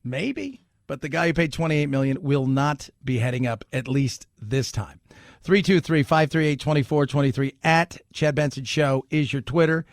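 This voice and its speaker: A man's voice: mid-range voice, steady tone, normal speed, no room sound, studio quality. A man hosting a talk radio show, riffing casually with wry, sarcastic asides and the odd laugh.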